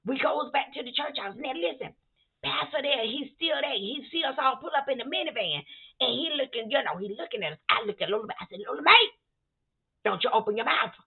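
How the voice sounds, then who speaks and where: A sassy older church lady, played by a woman, talking straight to the listeners with plenty of attitude. Her voice sits high and has a gravelly edge. The recording is thin and tinny, like a phone line. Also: expressive, a little fast, exaggerated voice. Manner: sassy, addresses listeners as y'all. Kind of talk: comedic character monologue.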